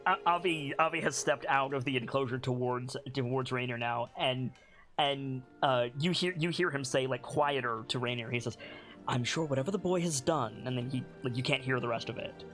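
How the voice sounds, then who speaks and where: A man's voice: mid-range voice, fairly even intonation, moderate pace, fairly bright tone, soft background music. A man narrating as game master for a tabletop game, in a loose, rambling way. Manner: rambling, loose, filler-laden.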